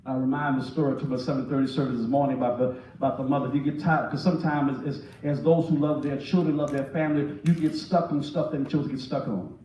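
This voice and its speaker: A middle-aged male pastor preaching a sermon with humor, rising to shouted peaks. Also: medium pitch, fairly even intonation, fast, hardly any pauses. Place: large church sanctuary. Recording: echoey church hall, distant mic, congregation.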